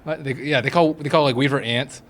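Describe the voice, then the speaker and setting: A man's voice: medium pitch, brisk. A young man from Atlanta in his twenties, a guest chatting casually and teasing his interviewer. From Atlanta, United States. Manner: relaxed, teasing banter. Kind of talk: casual chat.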